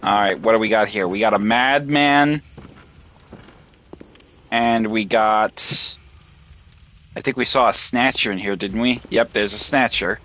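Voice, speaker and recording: A man's voice: lowish voice, measured pace, pauses often. A man commenting on his own video game playthrough, swearing freely and talking to himself as he plays. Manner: swears a lot, shouts in frustration. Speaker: gaming video host. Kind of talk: let's play commentary.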